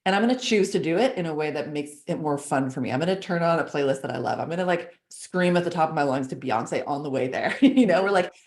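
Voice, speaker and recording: A chatty woman in her thirties, speaking as a coach and podcast guest, with a slightly low voice. She laughs often and fills her sentences with "like". The room sounds echoey. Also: animated, fast, hardly any pauses, a little mellow. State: four months pregnant. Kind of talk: casual conversational interview.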